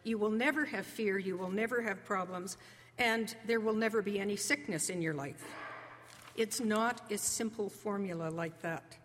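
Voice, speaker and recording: A woman preacher giving a sermon in an earnest, conversational way, slowing down to stress key words. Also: medium pitch, fairly bright tone. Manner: earnest, conversational preaching with slow emphatic pauses. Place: church sanctuary. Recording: long reverb of a large hall.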